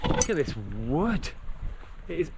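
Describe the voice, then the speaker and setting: A man's voice: high-pitched, huge pitch swings, a little slow, gravelly, darkish tone, slight background noise. Chatty British man hiking outdoors. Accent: British English. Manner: chatty, exclaims often, talks to his dog. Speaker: solo backpacking vlogger. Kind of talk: casual outdoor vlog narration. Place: outdoors on open hillside.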